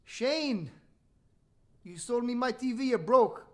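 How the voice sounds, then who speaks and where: Chatty guy reading bedtime stories on a livestream, high voice, teasing jokes. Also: animated, slow pace, a bit bright. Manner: jokey, chatty, teasing asides. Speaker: host reading a bedtime story. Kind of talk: playful livestream storytelling. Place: home livestream.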